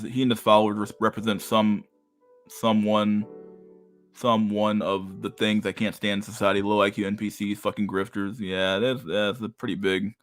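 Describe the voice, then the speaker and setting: A young man hosting a casual livestream, talking in a crude, profane way while reacting to chat. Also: on the low side. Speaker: livestream host.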